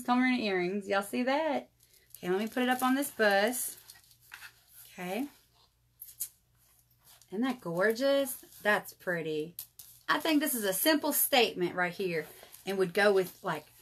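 A woman's voice: a little high, fairly bright tone. Chatty woman selling jewelry. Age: 30s. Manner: chatty, addresses viewers as y'all. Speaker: jewelry seller. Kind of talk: live jewelry sales stream.

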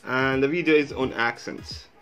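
A man's voice: mid-range voice, fairly even intonation, normal speed, pushed and bright, soft background music. A man from Jordan, a native Arabic speaker, hosting a reaction video in a chatty, filler-heavy way. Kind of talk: casual reaction commentary.

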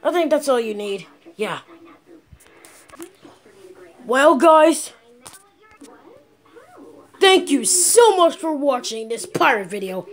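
A woman voicing a cheerful pirate animatronic fox, talking playfully and excitedly straight to the viewers in a toy play video. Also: high-pitched, slow pace, pauses often, full character voice.

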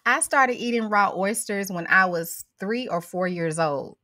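Brief: folksy guest woman, relaxed storyteller, calls everyone honey, dry close sound. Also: mid-range voice, unhurried, no echo. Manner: folksy, drawling, says honey a lot. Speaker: guest cook. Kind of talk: casual chat on a video call.

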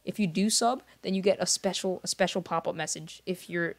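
His voice is high and steady, and he talks fairly quickly. This young streamer chats casually with viewers during a game, rambling, getting sidetracked, and apologizing often. Occasionally he hushes himself to keep the noise down.

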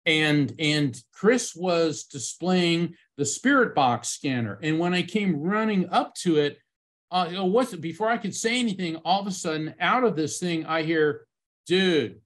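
A middle-aged man speaking as a medium at a conference, telling a personal story with lively acted-out moments. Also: a little high, moderate pace. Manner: animated storyteller, acts out quoted voices.

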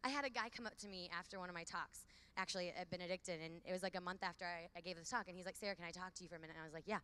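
A woman in her thirties giving a lively faith talk to a large hall of women, with call-and-response. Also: fairly low pitch, very fast, clean tone. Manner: lively, preachy, calls for audience repeats. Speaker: conference speaker.

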